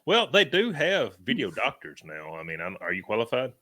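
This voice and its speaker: A man, co-hosting a podcast and telling animated stories in rural slang. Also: mid-range voice, normal speed, dry recording. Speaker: podcast co-host. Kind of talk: casual storytelling chat.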